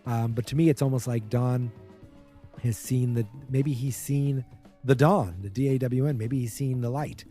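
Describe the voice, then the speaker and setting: A man's voice: mid-range voice, steady tone, measured pace, warm tone, faint music behind. A man hosting a podcast, casually recapping a TV episode in a chatty, wry way and mimicking the characters' lines. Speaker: podcast host.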